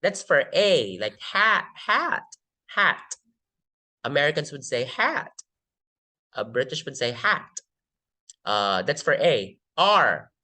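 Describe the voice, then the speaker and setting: A woman with a Filipino accent teaching an English test tutorial, mixing English and Tagalog and drawing words out with many pauses. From Philippines. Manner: switches between English and Tagalog, slow and drawn out with many pauses; lively, sliding pitch when modeling words. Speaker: IELTS tutor.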